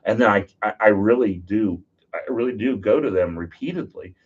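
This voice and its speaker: A man, a podcast guest, telling stories in a casual, animated, joking way and acting out what people said. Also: fairly low pitch, normal speed, breathy edge. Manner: animated, jokey, acts out quotes. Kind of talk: casual storytelling. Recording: dull lo-fi podcast audio.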